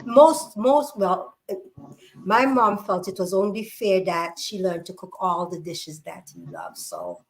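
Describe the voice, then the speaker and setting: A woman's voice: medium pitch, very animated, takes it slowly, rough recording. A woman panel guest in a casual chat, curious and explaining things.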